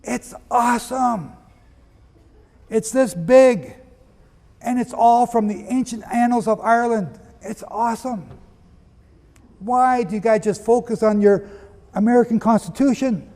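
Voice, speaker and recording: A man's voice: very high-pitched, measured pace, long pauses, dark tone. A man teaching a lecture-style sermon, reading quotations aloud and asking the audience questions. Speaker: Bible teacher. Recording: long hall reverb.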